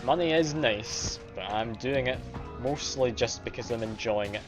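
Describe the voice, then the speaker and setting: Man, mild Scottish accent, casual game-stream chat, self-deprecating, loud game music behind. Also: medium pitch, normal speed. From Scotland. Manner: self-deprecating, chatty, reads and answers chat. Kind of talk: casual live-stream chat while playing.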